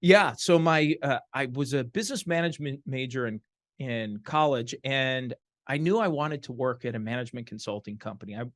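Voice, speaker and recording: Friendly measured male interview guest. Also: mid-range voice, fairly bright tone, no room sound, clean studio sound. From Chicago area. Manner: friendly, measured, with frequent fillers. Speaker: guest, franchise consultant. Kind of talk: casual interview. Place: studio.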